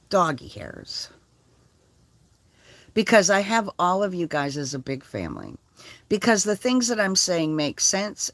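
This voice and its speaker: Profane, animated older woman vlogger. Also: fairly low pitch, dry recording. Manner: blunt, profane, animated storytelling. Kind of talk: casual chat. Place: lives in a converted school bus.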